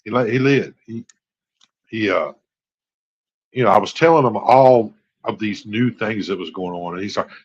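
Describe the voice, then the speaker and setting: A man's voice: lowish voice, moderate pace, pauses often, husky, lo-fi sound. A man in his forties hosting a late-night live stream, telling a personal story in a candid, rambling way that turns exasperated. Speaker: host.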